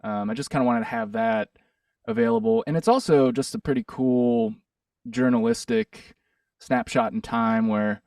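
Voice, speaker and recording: Man, gravelly, lively pitch, hesitant rambling chat, heard from a distance. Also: normal speed, dry recording. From Pittsburgh, USA. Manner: rambling, hesitant, with many fillers and restarts. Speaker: musician guest. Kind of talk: casual interview chat.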